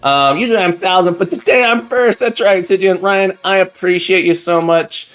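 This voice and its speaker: A man's voice: high-pitched, moderate pace, fairly bright tone. A man streaming live, greeting his chat one by one in an effusive, grateful way, rambling and restarting as he gets a little emotional. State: getting emotional. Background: faint background music.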